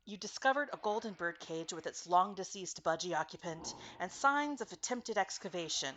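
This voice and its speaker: Bright, lively woman game master. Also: on the low side, normal speed, slight background noise. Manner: recaps with frequent fillers and self-corrections. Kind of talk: narrating a tabletop game.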